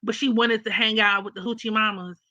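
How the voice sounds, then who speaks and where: Blunt slangy woman chatting about astrology, bright sharp voice, dry kinda dull audio. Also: medium pitch, fairly even intonation, a little fast, no room sound. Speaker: astrology vlogger. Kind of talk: casual chat.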